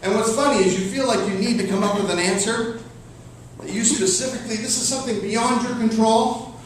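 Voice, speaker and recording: Animated joking man, high voice, echoey hall. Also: a little fast, a little hiss or hum. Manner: animated, joking, acts out clients and himself in playful voices. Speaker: motivational speaker at a real estate meeting. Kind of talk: comic motivational talk. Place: meeting room with an audience. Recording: echoey hall from far off with an audience.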